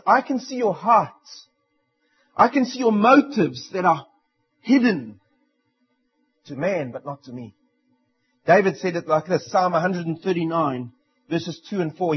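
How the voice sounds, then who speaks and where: A man preaching with a fairly high, husky voice. He swings between loud declarations and hushed, pressing asides. The recording is dull and lo-fi. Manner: dramatic preaching with sudden drops to near-quiet. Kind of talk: sermon. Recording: dull lo-fi sound.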